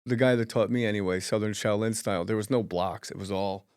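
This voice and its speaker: A man's voice: fairly low pitch, fairly even intonation, fairly quick, a little mellow, smooth, no room sound, studio quality. A middle-aged man hosting a podcast interview, chatty and joking as he steers the talk with questions. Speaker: podcast host. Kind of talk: casual interview chat.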